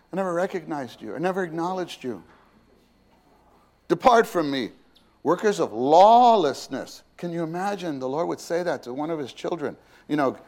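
A man with a mid-range, slightly mellow voice preaches a sermon conversationally. He poses questions to his listeners and acts out the voices he quotes.

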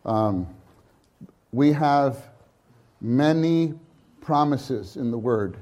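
A man delivers a sermon at an easy, drawn-out pace. He speaks haltingly, restarting phrases, then lifts into fervent emphasis. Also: mid-range voice, lively intonation, warm tone, lo-fi sound. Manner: unhurried, halting, with many restarts and fervent rises. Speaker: preacher. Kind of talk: conference sermon.

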